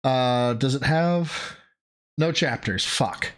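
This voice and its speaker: A man streaming casual reaction commentary, crude and mocking, swinging up into high laughing squeals. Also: takes it slowly, fairly bright tone.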